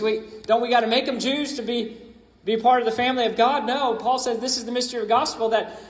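A man preaching a sermon as pastor, emphatic and repeating his key phrases. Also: very high voice. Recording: echoey hall.

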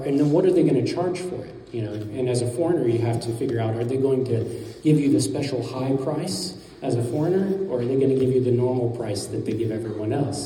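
A man preaching a sermon in a relaxed, conversational way, his mellow, dark voice picked up from a distance. The room rings with a long hall reverb. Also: mid-range voice. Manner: conversational storytelling, relaxed with fillers. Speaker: pastor.

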